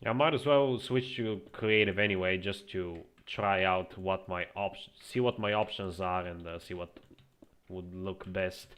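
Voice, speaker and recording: A man's voice: deep voice, a little slow, a bit bright, smooth. A man streaming a building game, chatting casually and musing aloud with frequent restarts. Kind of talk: casual gameplay commentary.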